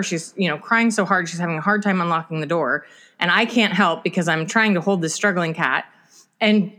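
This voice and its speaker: A middle-aged woman co-hosting a podcast, telling a story in casual chat and acting out the dialogue. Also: fairly low pitch. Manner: animated storyteller, acts out quoted dialogue. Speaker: podcast co-host.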